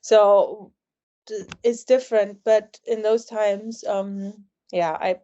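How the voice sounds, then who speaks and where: A woman in her forties, a native German speaker with a German accent, telling stories as an interview guest with lively restarts and acted-out quotes. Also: mid-range voice, slow pace. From East Germany. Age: 40s. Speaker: guest, journalist. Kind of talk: casual interview conversation. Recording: slightly lo-fi podcast audio.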